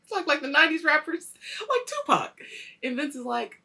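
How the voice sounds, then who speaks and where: Woman host, casual episode review, lively swooping voice, bright tone. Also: high voice, moderate pace, gravelly. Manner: animated, swears freely, acts out scenes. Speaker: host of a weekly culture show.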